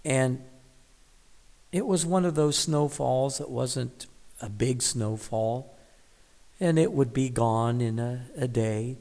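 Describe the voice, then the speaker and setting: Slow, reflective man teaching the Bible. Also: mid-range voice, a little mellow, long reverb tail. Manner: reflective, drops to a whisper on key words. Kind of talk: devotional Bible reading and reflection.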